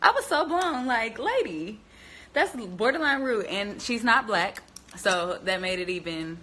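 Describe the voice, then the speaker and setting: A young woman hosting a phone live stream, telling a story in an animated, chatty way and laughing often. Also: fairly high pitch, a little slow.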